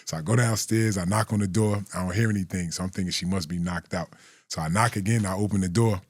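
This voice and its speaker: A man's voice: low-pitched, fairly even intonation, quick pace, no echo. A man in his forties, a guest telling stories in a loose, profane way and laughing through them. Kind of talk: casual storytelling.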